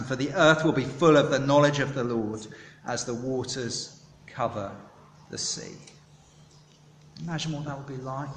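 A man preaching a sermon, chatty and animated, polling his listeners for answers. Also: on the high side, a little hiss or hum. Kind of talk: sermon with audience participation. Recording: echoey hall, long reverb.

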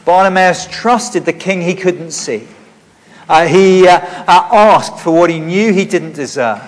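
A man preaching an interactive sermon in a church, leading the congregation in call-and-response shouting. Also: high-pitched, unhurried. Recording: reverberant church hall.

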